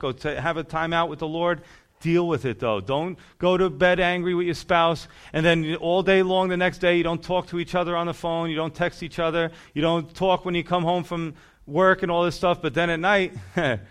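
A man, a pastor, preaching a sermon in an animated, conversational way, chuckling now and then. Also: on the high side, moderate pace.

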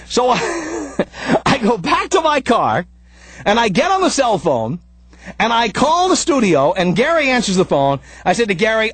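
A man hosting a talk radio show, telling an angry story and ranting, often raising his voice to a shout. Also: extremely high pitch, unhurried, breathy edge, no echo. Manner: animated, frequently shouting in anger. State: out of breath. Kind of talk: ranting monologue.

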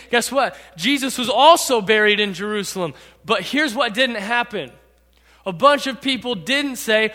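A man preaching a sermon as pastor, dramatic, acting out quotes and rising to shouts. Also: extremely high pitch, a little slow. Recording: long reverb of a large hall.

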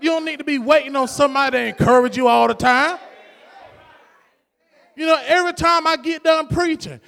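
A man's voice: very high voice, creaky, fairly bright tone. A man preaching a sermon as pastor, in a rhythmic, repetitive preaching style with rising fervor. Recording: long hall reverb.

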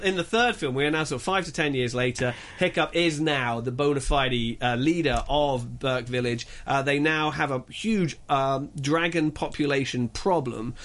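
A man reviewing films on a radio show, telling the story in an animated, rambling way with many restarts. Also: mid-range voice, moderate pace, hardly any pauses. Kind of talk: casual radio chat.

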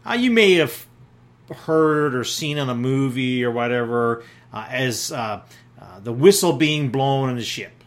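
A man's voice: medium pitch, expressive, a little slow. A middle-aged man from Newfoundland, a pastor preaching a sermon in a folksy, plain-spoken way, with many fillers and restarts.

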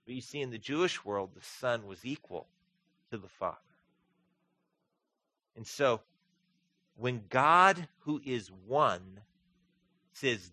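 A man preaching a sermon as pastor, earnest, rising to emphatic peaks and dropping low and quiet for scripture. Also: slow, long pauses.

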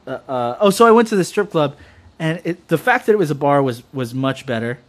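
A man's voice: fairly high pitch, sing-song, fairly quick. A man chatting casually and joking on a podcast, rambling and tossing in silly voices, with drinks going. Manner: rambling, jokey, slips into silly put-on voices for quotes. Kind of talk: casual comedic chat.

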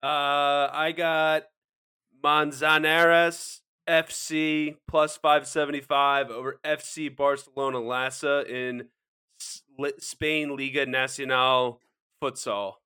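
A man's voice: on the high side, level tone, slow, sharp tone, smooth. A man in casual podcast banter, joking and laughing often as a co-host giving betting picks.

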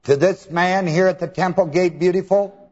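This male preacher's voice sits high and a little mellow, with fairly even intonation at normal speed. His sermon uses call-and-response, with the congregation filling in words and terms spelled letter by letter, recorded dull and lo-fi in a reverberant hall.

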